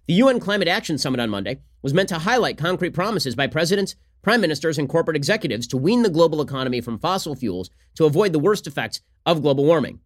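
Rapid-fire combative male pundit. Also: on the high side. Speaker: political podcast host. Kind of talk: fast solo political commentary.

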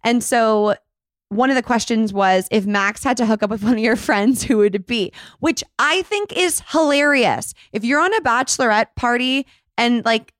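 A woman in her twenties hosting a casual chat, telling stories quickly with lots of fillers. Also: fairly high pitch, a bit bright, no echo, studio quality. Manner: chatty, fast storytelling with many fillers. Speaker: host.

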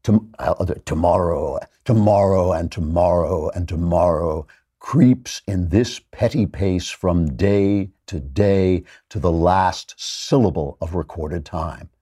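A despairing king in mourning speaks slowly and gravely, as a man recites him. The voice is low, dark and husky, and it sinks and swells with dramatic weight. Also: full character voice. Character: grieving Scottish king, bleak and despairing. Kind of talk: theatrical Shakespeare recitation.

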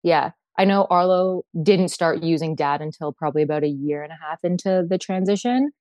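A woman's voice: sits low, brisk, darkish tone, no room sound. A young woman with a Canadian accent, chatting as a podcast guest and filling her speech with "like". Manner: chatty, heavy use of "like". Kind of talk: casual chat.

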